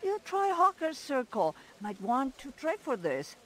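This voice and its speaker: An actress playing a sly female insect merchant in a video game, with a put-on foreign lilt and a drawn-out sales pitch. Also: wildly swooping pitch, a bit bright, heavily acted.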